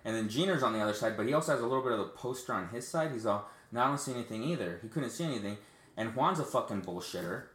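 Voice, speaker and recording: Young man, podcast host, profane slangy storytelling, mid pitch, roomy echo. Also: lively intonation, very fast, a bit bright. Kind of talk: casual storytelling chat.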